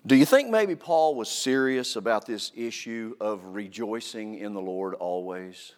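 A man's voice: fairly low pitch, a little slow, clear, resonant tone. A man preaching a sermon as a pastor, earnest and emphatic, repeating phrases to drive a point home. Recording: long reverb of a large hall.

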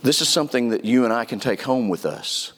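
A man's voice: mid-range voice, expressive, brisk. A man preaching a sermon as a pastor, earnest and emphatic, repeating phrases to drive a point home. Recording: long reverb of a large hall.

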